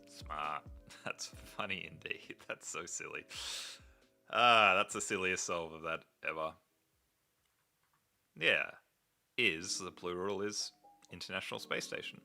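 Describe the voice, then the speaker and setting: Bright, slow-talking man. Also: low-pitched, gravelly. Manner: chatty, joking, rambling storyteller. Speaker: gaming video host. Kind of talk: casual gameplay commentary.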